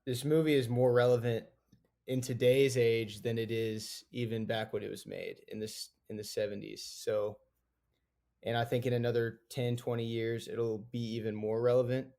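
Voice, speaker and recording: A man with a mid-range voice and a notably flat, level intonation lays out a movie's story on a podcast. He explains steadily, circling back to restate his points. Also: mid-range voice, normal speed, gravelly. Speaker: podcast co-host. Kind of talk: casual film discussion.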